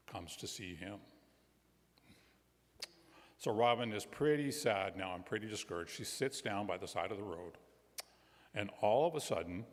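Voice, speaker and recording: Low-voiced man telling a children's story. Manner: gentle, playful storytelling with pauses. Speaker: guest minister. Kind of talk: children's story in a church service. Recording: long reverb of a large hall.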